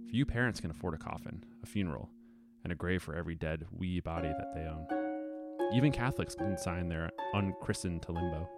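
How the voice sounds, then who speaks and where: An actor playing a grave, coolly clinical doctor, narrating in a measured, solemn way. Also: male voice, low voice. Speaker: film character narrating. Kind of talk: scripted film narration.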